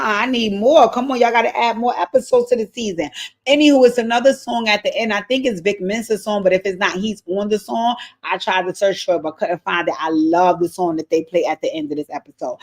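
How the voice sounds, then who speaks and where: Woman, casual TV recap host, animated, blunt, profane asides, chatty with viewers, medium pitch. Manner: chatty, talks straight to viewers.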